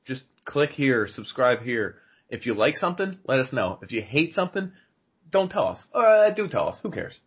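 A man's voice: medium pitch, big pitch swings, normal speed, husky, muffled recording. A man co-hosting a podcast in casual comedy chat, riffing playfully over the top. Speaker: podcast co-host.

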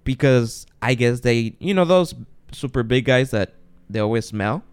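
Male podcast host, animated storyteller who swears a lot; mid-pitched, smooth resonant voice, dry close sound. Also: moderate pace, no echo. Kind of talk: casual chat.

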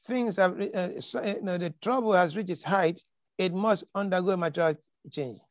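A man's voice: sits high, moderate pace, no room sound. A man preaching a sermon, emphatic and repeating his key lines, quoting scripture dramatically. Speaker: pastor.

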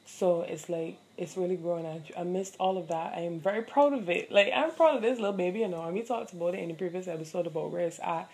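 A woman's voice: lowish voice, fast, hardly any pauses, darkish tone, husky. A young adult woman hosting her own podcast, telling a story in a candid, profane, chatty way with lots of fillers. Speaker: podcast host. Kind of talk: casual solo podcast storytelling.

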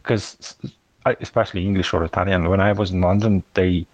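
A man co-hosting a podcast, chatting casually in a hesitant, halting and apologetic way. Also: low voice, fairly even intonation, no echo, dull audio. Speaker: podcast co-host. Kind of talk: casual chat.

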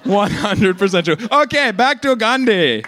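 A man playing Gandhi in a comedy roast, speaking high and bright in a shaky, mangled accent. He fires off brash, crude jokes and keeps giggling at his own material. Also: sing-song, unhurried, full character voice. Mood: cocky. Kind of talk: stand-up roast set. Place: comedy stage.

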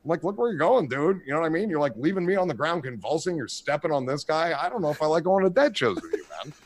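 A man's voice: a little high, very fast. A man in his forties telling rambling, profane stories in casual chat, acting out the people in them. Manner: rambling, profane storyteller, animated voices in quotes. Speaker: podcast host.

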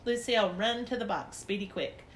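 A woman's voice: medium pitch, normal speed, a little hiss or hum. A woman narrating a children's story in first person, in a chatty, childlike little-girl voice. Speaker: audiobook narrator.

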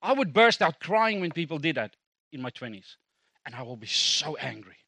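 A man's voice: on the high side, sing-song, normal speed, pushed and bright, no room sound. A middle-aged South African man, a native Afrikaans speaker, preaching a sermon as a pastor in a conversational, self-deprecating way with asides to the congregation.

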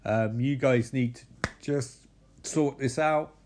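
A man's voice: mid-range voice, takes it slowly, darkish tone, slight background noise, lightly acted. A man voicing a nervous woman friend who stammers and wants to leave. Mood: uneasy. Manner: stammering, uneasy.

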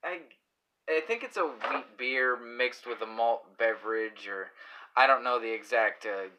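A man co-hosting a podcast, chatting casually over beers, rambling and halting, often laughing. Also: medium pitch, bright, forceful tone, slight background noise, rough recording. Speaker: podcast co-host.

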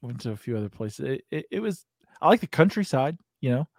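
A man's voice: mid-range voice, big pitch swings, fairly quick, a little mellow, no echo, studio quality. A man with an American accent, hosting a podcast and telling a long, profane, rambling story in casual chat, often breaking into laughter. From United States. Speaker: podcast host.

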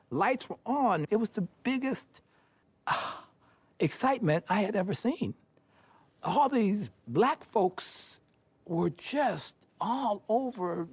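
An older man from Detroit, USA, looks back on his childhood in an interview, telling animated stories, chuckling as he goes and acting out family conversations. His voice is mid-range and husky, and the recording is dry.

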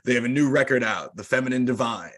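A man's voice: mid-range voice, fast, fairly bright tone, breathy edge. An American man hosting a podcast, chatting casually and enthusiastically with a guest, now and then swearing. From United States. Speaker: podcast host.

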